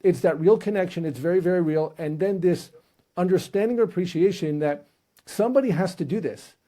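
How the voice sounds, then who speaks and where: Brief: male interview host, high and mellow voice, humorous storytelling. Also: fairly quick. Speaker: podcast host. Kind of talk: casual interview chat.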